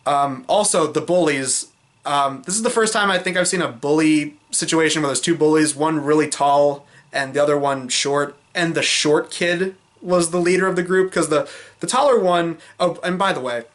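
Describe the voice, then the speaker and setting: A man's voice: on the high side, moderate pace. A man giving a casual, rambling film review vlog, full of fillers and restarts, frank and exasperated in his criticism.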